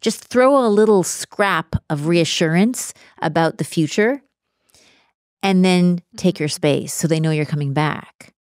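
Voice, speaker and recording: A woman speaking as a relationship coach in a casual podcast conversation, animated and acting out the voices she quotes. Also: lowish voice, unhurried, no room sound, clean studio sound.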